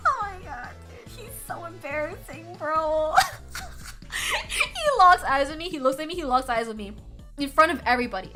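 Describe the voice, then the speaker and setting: A bright, high-pitched young woman tells a story to her live chat, her voice swooping up and down as she laughs and swears her way through it. Faint music plays softly behind her. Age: young adult. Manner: animated, laughs often, swears freely. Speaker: streamer. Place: home streaming setup.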